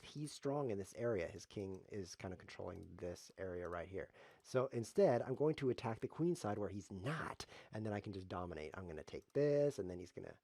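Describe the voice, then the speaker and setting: A man's voice: mid-range voice, warm tone, no room sound. A man casually commenting on his own chess game on a live stream, joking, teasing himself and wandering off on playful tangents. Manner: jokey, self-mocking, playful tangents.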